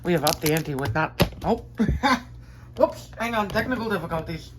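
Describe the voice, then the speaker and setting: A woman's voice: lowish voice, expressive, normal speed, noisy background. Chatty enthusiastic woman unboxing collectibles. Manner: enthusiastic, chatty, rambling with fillers and self-corrections. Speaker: diecast collector vlogger. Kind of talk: casual unboxing chat. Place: bedroom.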